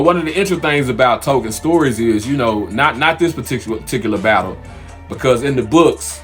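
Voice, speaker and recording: Chatty man reviewing a TV episode. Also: medium pitch. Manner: animated, loose and conversational with many fillers and restarts. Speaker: TV recap host. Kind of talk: casual spoken TV episode review.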